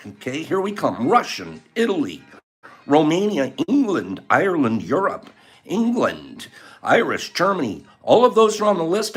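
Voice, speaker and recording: A man's voice: on the high side, fairly bright tone. A man hosting a casual livestream, chatting and answering viewer comments. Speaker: livestream host. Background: faint background music.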